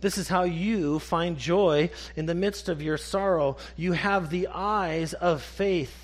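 Man, preacher, sermon, fairly high voice, emphatic, rhetorical questions, quiet one-word answers. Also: slow pace.

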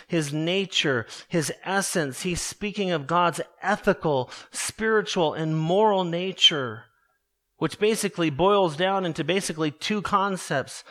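A man preaching a sermon slowly and deliberately, stressing his points with emphatic repetition. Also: sits high, a bit bright. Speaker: pastor.

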